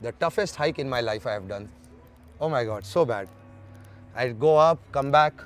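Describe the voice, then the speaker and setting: A man's voice: medium pitch, normal speed. Man telling stories. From India. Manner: lively storyteller who acts out the dialogue. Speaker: guest. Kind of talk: storytelling in an interview.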